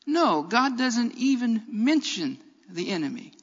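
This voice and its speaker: A man's voice: very high voice, big pitch swings, a little slow, a bit bright. A man preaching a sermon in a church, emphatic and repeating his key phrases. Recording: reverberant, dull lo-fi sound.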